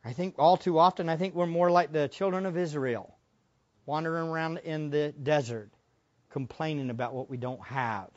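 High-voiced man preaching emphatically. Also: moderate pace, lo-fi sound. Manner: emphatic preaching with rhetorical questions, wide swings in loudness. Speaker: pastor. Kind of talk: sermon.

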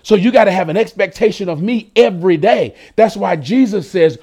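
A man's voice: high voice, lively intonation, a little fast, hardly any pauses, dark tone. A male pastor preaching a sermon to a streamed congregation, using call-and-response phrases and drawing out emphatic words.

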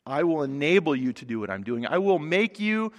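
A preacher voicing a calm, assuring male teacher who calls his followers, speaking gently and earnestly. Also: on the high side, brisk, voice pushed down. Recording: long hall reverb.

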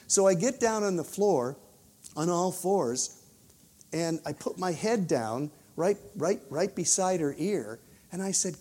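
A man, possibly, preaching a sermon through a personal story, swinging between lively emphasis and hushed quoted prayers. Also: fairly high pitch, unhurried.

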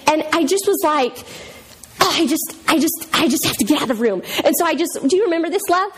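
High-pitched and expressive, this woman speaks at a quick pace. She's in her thirties or forties, delivering a story as a church talk in a sermon-like way, chatty, self-mocking, and often laughing.

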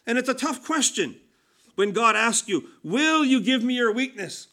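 High-voiced earnest male preacher. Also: lively intonation, moderate pace, bright, forceful tone. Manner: earnest, emphatic, with frequent restarts and asides. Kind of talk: conversational sermon.

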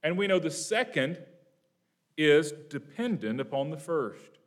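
A man preaching an evening Bible lesson, talking to the congregation in a relaxed, conversational way, asking them questions and reading verses slowly for emphasis. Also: on the high side. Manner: reads scripture slowly and emphatically.

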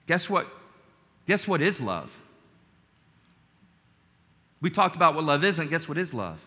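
A man's voice: mid-range voice, bright, forceful tone, big-room sound. A man in his forties preaching a sermon, telling a personal story in an earnest, emphatic way. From North Carolina. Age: 40s. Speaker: pastor.

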